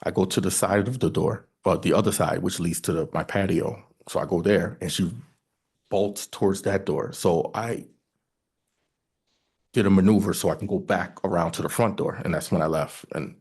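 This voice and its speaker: Low gravelly man giving halting testimony. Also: a little mellow. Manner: halting and hesitant, often breaking off and restarting. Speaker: witness testifying at a hearing. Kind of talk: sworn testimony recounting events.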